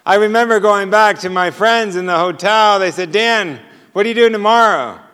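A man telling a personal faith story as a sermon, animated and often chuckling at his own punchlines. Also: sits high, moderate pace, clean tone. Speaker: preacher sharing testimony. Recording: long hall reverb.

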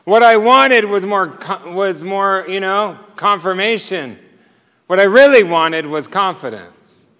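A man telling a personal faith story as a sermon, animated and often chuckling at his own punchlines. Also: high voice, measured pace, clear, resonant tone. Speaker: preacher sharing testimony. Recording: long hall reverb.

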